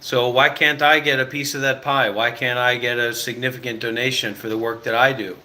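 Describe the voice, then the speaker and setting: A man's voice: medium pitch, little pitch movement, brisk, pushed and bright. A man hosting a casual livestream chat, blunt and sarcastic as he teases his co-host and callers.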